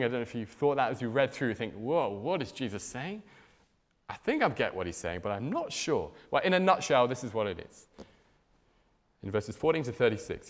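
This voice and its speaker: Male pastor, mid pitch, animated sermon delivery, reverberant church hall. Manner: animated storytelling with strong swings in pitch and loudness.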